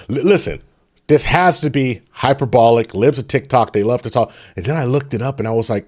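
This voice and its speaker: A man's voice: medium pitch, expressive, a little fast. Heated, ranting male livestream host. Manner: heated, preachy rants with frequent restarts; drops to soft, pleading tone addressing chat. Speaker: channel host. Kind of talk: livestream commentary.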